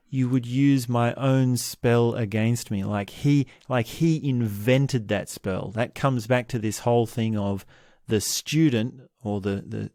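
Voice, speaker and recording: A man hosting a podcast, giving a slow, reflective commentary on a book series, often pausing and restarting his sentences. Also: fairly low pitch, a little mellow, no room sound, clean studio sound. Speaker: podcast host.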